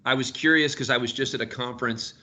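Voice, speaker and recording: A man in his fifties leading a sales team video call, telling stories in an animated way and swearing casually. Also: mid-range voice, fast talker. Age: 50s.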